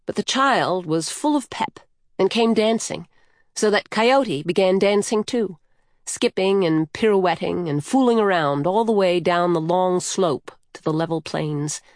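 Slow, measured woman narrator. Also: lowish voice, no room sound, studio quality. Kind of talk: scripted audiobook narration.

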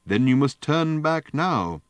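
A man voicing a small, wizened old woman at a roadside booth in an audiobook, in a high piping voice. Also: huge pitch swings, normal speed, dry recording. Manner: high piping chirp, turning severe.

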